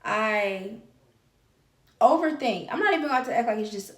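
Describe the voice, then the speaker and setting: Woman podcast host, candid personal monologue, emphatic with repetition, mid pitch, roomy echo, a little off-mic. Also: animated, moderate pace, recorded from a distance.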